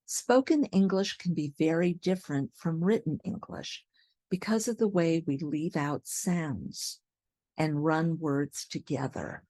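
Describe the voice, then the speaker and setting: A woman teaching English, talking at a very slow, careful pace so every word lands. Her voice sits a little low, and she repeats example sentences deliberately. The sound is dry and close, with no room around it. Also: dark tone, dry recording.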